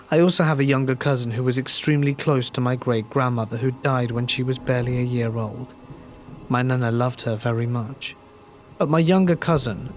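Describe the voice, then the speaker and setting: A man calmly narrating true horror stories in a steady, scripted reading. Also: medium pitch.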